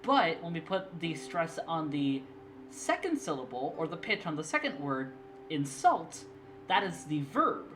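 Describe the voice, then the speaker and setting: A man's voice: fairly high pitch, big pitch swings, moderate pace, background noise. A young man streaming casually, chatty and eager to explain, laughing often. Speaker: streamer and artist. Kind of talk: casual live-stream chat. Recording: clear background music.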